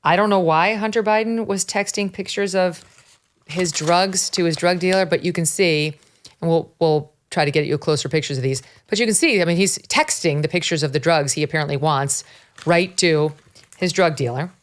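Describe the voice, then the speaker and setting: A woman's voice: on the low side, moderate pace. A middle-aged woman hosting a talk show, reading documents aloud and breaking off for pointed, incredulous asides. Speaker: show host.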